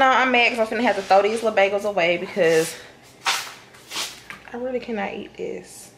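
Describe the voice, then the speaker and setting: A woman's voice: mid-range voice, normal speed, background noise. Chatty woman vlogging from home. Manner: chatty, colloquial, keeps calling viewers "y'all". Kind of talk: casual chat to camera. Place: at home, in the kitchen.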